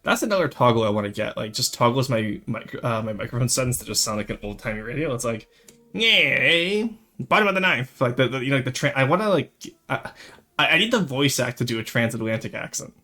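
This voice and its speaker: A man chatting casually on a live stream, animated and rambling, quick to laugh. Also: medium pitch.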